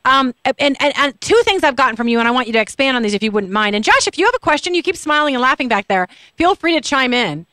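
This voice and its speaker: A woman's voice: high-pitched, animated, quick pace, few pauses, pushed and bright, no echo. A woman hosting a radio show, asking a guest eager, chatty questions. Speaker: radio host. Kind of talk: radio interview. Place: radio studio.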